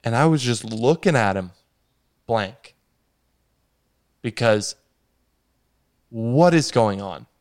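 A man recounts a strange encounter with dry, deadpan humor. He takes his time, letting each beat land. His voice is smooth and clear, at an ordinary pitch. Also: slow pace, pauses often. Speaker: storyteller. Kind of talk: casual spoken anecdote.

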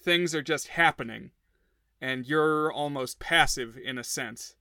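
A man's voice: medium pitch, measured pace, vocal fry, bright, forceful tone, no echo, studio quality. A man co-hosting a podcast, giving thoughtful, wry analysis in casual chat. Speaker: podcast co-host.

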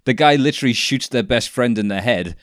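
A man chatting casually as a podcast co-host, animated and swearing freely, laughing at his own jokes. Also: mid-range voice, brisk, no room sound, clean studio sound. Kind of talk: casual chat.

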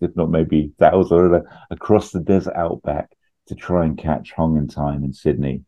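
A man co-hosting a podcast, casually pitching a film plot with lots of laughs and ums. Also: dark tone, highs cut off. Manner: chatty, laughs often, trails off with ums.

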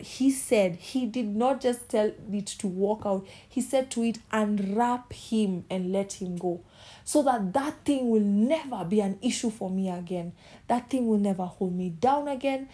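A woman's voice: medium pitch, mellow. A woman preaching a passionate sermon, acting out the voices she quotes.

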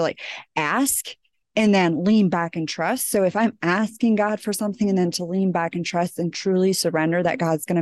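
A woman hosting a faith-based podcast as a coach, talking in a lively monologue and acting out quoted voices with laughs. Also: mid-range voice, no echo, studio quality. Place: on a trip, away from home.

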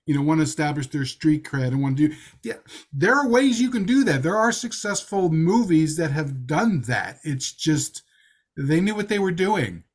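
A man's voice: a little high, big pitch swings, normal speed, slightly rough. A man co-hosting a podcast, giving wry, thoughtful film criticism in casual chat. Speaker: podcast co-host reviewing a film.

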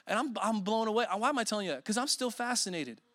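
A man's voice: high voice, expressive, fast, fairly bright tone, dry recording. A man in his forties preaching a sermon as a guest speaker, telling emotional stories with self-deprecating humor.

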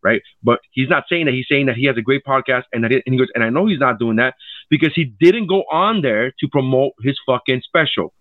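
A man's voice: mid-range voice, fairly quick, no room sound. A man, a comedian co-hosting a casual podcast, telling stories with lots of swearing and acting out what others said. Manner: animated storytelling, acts out quotes, swears often. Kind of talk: casual chat. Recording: tinny phone-like dry sound.

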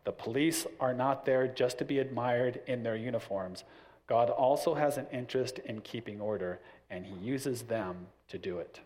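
A man's voice: medium pitch, moderate pace, darkish tone. A man giving a church parenting talk, explaining his points through stories with acted-out voices. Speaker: parenting class teacher.

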